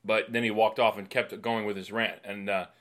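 A man with a bright, forceful voice telling a funny story on a podcast. He talks loosely and animatedly as a comedian co-host, slipping into acted-out voices as he goes. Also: lowish voice, moderate pace. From New York City. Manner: animated, acts out voices with laughs. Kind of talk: casual storytelling chat.

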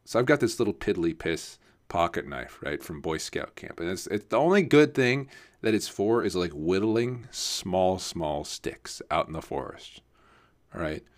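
A man's voice: sits low, animated, measured pace. A young man telling a casual story, rambling and swearing with lots of fillers and restarts.

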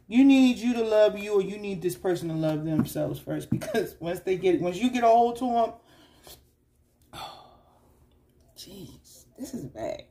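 A woman's voice: mid-range voice, expressive, normal speed, pauses often, slight background noise. Chatty woman giving a playful tarot reading. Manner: chatty, slangy and playful, often asks "you know what I'm saying?"; teasing and scolding the listener with sudden loud bursts. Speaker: tarot reader. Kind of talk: casual tarot reading addressed to viewers.

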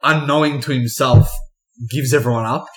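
A man co-hosting a casual podcast, excitedly retelling film scenes with heavy swearing and acted-out lines. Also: medium pitch, faint music behind. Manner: fast, excitable, profane, acts out scenes. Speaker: podcast co-host. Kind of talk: casual chat.

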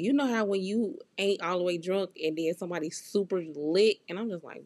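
A woman's voice: medium pitch, animated, moderate pace, darkish tone, slightly rough, no echo. A young woman hosting a podcast, telling a story in a blunt, profane, candid way and acting out the quoted dialogue. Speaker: podcast host. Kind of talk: casual storytelling monologue.

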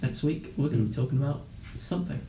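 A man hosting a casual podcast chat, telling animated stories with plenty of swearing and laughter. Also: mid-range voice, quick pace. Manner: animated storyteller, swears freely, laughs often. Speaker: podcast host. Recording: roomy, distant mic, faint hiss.

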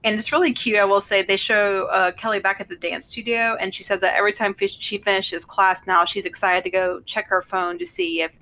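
A woman co-hosting a podcast in casual chat, telling jokes and acting out quick voices. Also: medium pitch, fairly even intonation, sharp tone, slight background noise. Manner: storytelling, acts out voices in jokes. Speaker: podcast co-host.

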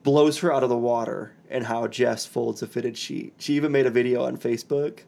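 A man in his thirties with a gravelly, fry-tinged voice co-hosts a casual podcast. He tells stories with lively, mock-serious humor. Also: medium pitch, brisk. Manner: animated storyteller, mock-serious jokes. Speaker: podcast co-host. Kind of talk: casual chat.

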